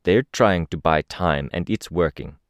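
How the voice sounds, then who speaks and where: A man's voice: sits low, measured pace, no room sound, clean studio sound. A man voicing a hulking, impatient masked man who talks in a growl. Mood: impatient, gruff.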